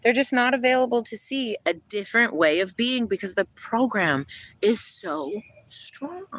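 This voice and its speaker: A woman's voice: medium pitch, a bit bright, low-quality recording. A woman hosting a casual livestream outdoors by a river on her phone, playful and dreamy, chatting about spiritual ideas and reading out viewer comments. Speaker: livestream host.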